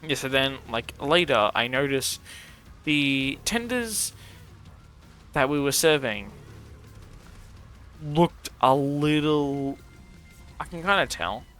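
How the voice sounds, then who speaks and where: Gaming on stream, a young man spins a rambling, profane story full of fillers, with faint music in the background. His mid-range voice is animated yet slow and pauses often, sounding a bit bright and clean.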